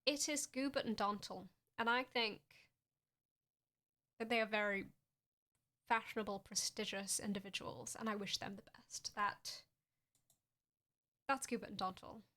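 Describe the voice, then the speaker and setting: Slow, playful young woman streamer. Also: mid-range voice. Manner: playful, deadpan jokes with frequent laughs. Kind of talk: casual stream chat showing fan art.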